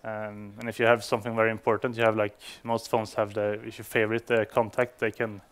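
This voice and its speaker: A man's voice: lowish voice, little pitch movement, fairly quick, clean tone. A man giving a conference talk to developers, speaking English as a non-native speaker, with frequent fillers and restarts. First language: Swedish. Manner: hesitant, many fillers and restarts.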